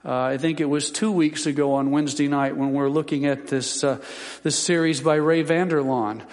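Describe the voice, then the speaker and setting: A male pastor preaches a sermon in a hall with a long echo, his slightly higher, a little mellow voice carrying at a moderate pace with a steady tone. He teaches scripture in a folksy manner, tossing in joking asides as he goes.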